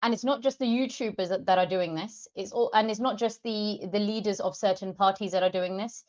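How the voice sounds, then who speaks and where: A woman's voice: medium pitch, fairly quick. A woman, a parent of two, ranting angrily at her viewers on a livestream, heavily profane and addressing them directly. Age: adult parent of two. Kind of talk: angry livestream rant. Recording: slightly dull lo-fi stream audio.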